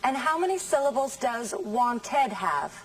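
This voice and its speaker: A woman teaching English in a scripted classroom lesson, saying model sentences slowly and carefully. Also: on the high side, sing-song, far from the mic, low-quality recording. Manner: slow, careful, over-articulated model sentences.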